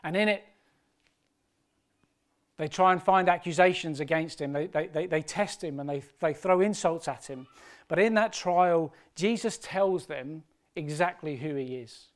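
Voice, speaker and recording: A man preaching a sermon with passion, moving between hushed, emotional storytelling and loud, rising appeals. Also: on the high side, unhurried. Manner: impassioned, swinging from hushed to loud.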